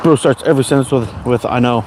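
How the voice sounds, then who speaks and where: A man's voice: medium pitch, fast, background noise. A Canadian man in his forties hosting a casual livestream, rambling and chatting as he answers viewer comments. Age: 40s. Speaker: livestream host.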